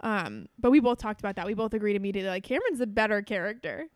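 A woman's voice: medium pitch, sing-song, dry recording, studio quality. A woman co-hosting a podcast in casual, jokey chat. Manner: chatty, jokey, talks in quick asides. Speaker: podcast co-host.

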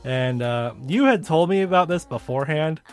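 A man's voice: a little high, expressive, moderate pace, smooth. A young man co-hosting a podcast, talking casually with many fillers and restarts. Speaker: podcast co-host. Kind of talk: casual chat. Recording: faint music underneath.

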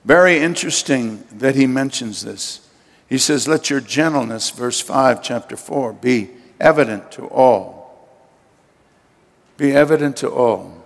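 A man's voice: medium pitch, measured pace, gravelly. An older man preaching a sermon as pastor, emphatic and calling on his congregation to respond. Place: church sanctuary. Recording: long hall reverb.

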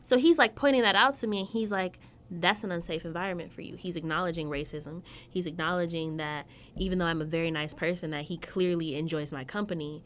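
A woman's voice: on the low side, fairly quick, slight background noise. A woman podcast co-host from the Southern US, telling stories in casual chat and acting out the voices of people in them. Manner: animated storytelling, acts out voices.

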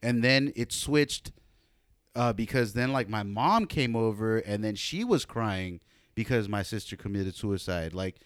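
A man's voice: fairly low pitch, unhurried, clean tone, no room sound, clean studio sound. A man co-hosting a podcast, telling a long story in casual, profane chat with lots of fillers. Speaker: podcast co-host.

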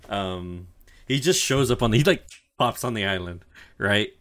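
With a lowish, slightly bright voice at a moderate pace, a young man co-hosting a podcast retells an anime arc in casual chat. His recap is rambling and profane, heavy on fillers and quoted lines delivered in character.

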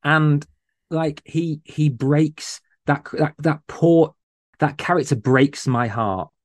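A man's voice: fairly high pitch, takes it slowly, no room sound. Earnest, passionate man talking books. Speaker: podcast guest. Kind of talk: casual chat.

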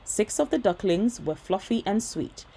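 A woman reading a bedtime story aloud in a gentle, steady voice. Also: medium pitch, normal speed, a little hiss or hum, poor audio.

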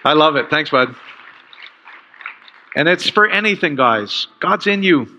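A man's voice: a little high, lively intonation, unhurried, bright, forceful tone, a little hiss or hum. A man preaching a sermon in an enthusiastic, conversational way. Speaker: pastor. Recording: dull sound with long hall reverb.

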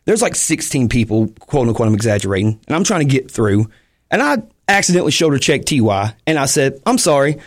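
Podcast cohost guy, mid voice, gets animated telling stories, dry recording. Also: medium pitch, fast talker, no echo. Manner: animated storytelling, laughs easily. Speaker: podcast co-host. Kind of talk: casual podcast chat.

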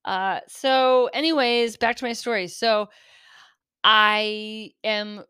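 A woman's voice: a little high, steady tone, slow pace, sharp tone, clear, resonant tone, no room sound, studio quality. A woman, hosting a casual solo podcast, a little shaky from caffeine, rambling and giggling as she talks. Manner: rambling, giggly, self-interrupting. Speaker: podcast host.

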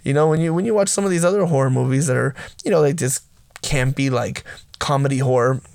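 A man's voice: medium pitch, fast talker, vocal fry, a little mellow, no room sound, studio quality. A man giving a casual, enthusiastic spoken film review, rambling with restarts and laughing often as he talks. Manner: laughs often while talking. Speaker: movie reviewer.

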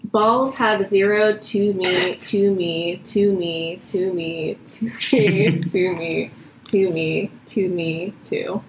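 A woman voicing a female chatbot, reading a script aloud in a slow, flat, repetitive way. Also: fairly low pitch, slight background noise, poor audio. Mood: monotone. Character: female chatbot, monotone and looping.

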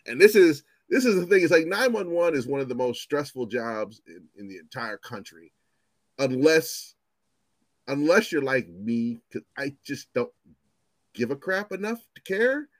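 A man's voice: mid-range voice, measured pace, dry recording. A man in his fifties telling profane stories in casual chat, acting out the people in them. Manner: animated, profane, acts out voices in his stories. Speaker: storyteller guest.

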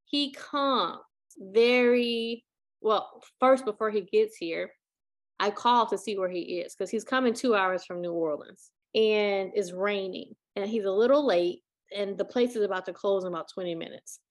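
A woman hosting a podcast, telling a story in casual chat, animated and acting out what people said. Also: medium pitch, unhurried. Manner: animated, acts out quotes, laughs often. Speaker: podcast host.

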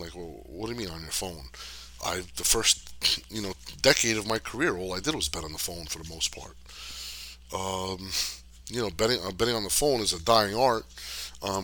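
A man's voice: low voice, sharp tone, slight background noise. A middle-aged man hosting a podcast, chatting casually and answering viewer questions in a loose, streetwise way, with lots of fillers and cursing. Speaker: podcast host. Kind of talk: casual rambling chat, reading viewer questions.

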